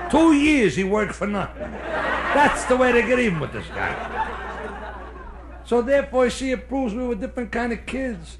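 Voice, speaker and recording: A male stand-up comedian with a Brooklyn accent, telling jokes live on a club stage and slipping into quick character voices. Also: sits high. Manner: brash storyteller doing quick character voices. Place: hotel nightclub stage. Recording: live club recording with faint noise. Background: audience laughter.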